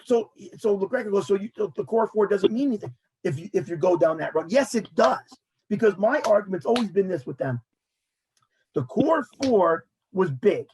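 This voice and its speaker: A man, hosting a casual sports talk show and ranting in an animated way while mocking others' words. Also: high voice, slightly rough, poor audio.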